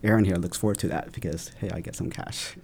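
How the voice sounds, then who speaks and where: A young man in a casual podcast chat, relaxed and full of fillers and small laughs. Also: low-pitched, fast, slight background noise. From Vietnamese family in the US. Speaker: podcast guest.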